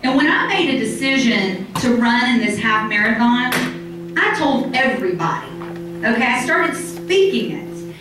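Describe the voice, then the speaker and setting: A middle-aged woman giving an animated motivational talk to a live audience in a hotel conference room, acting out other people's reactions. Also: a little high, measured pace, music in the background. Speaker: motivational speaker. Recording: very echoey hall from far off.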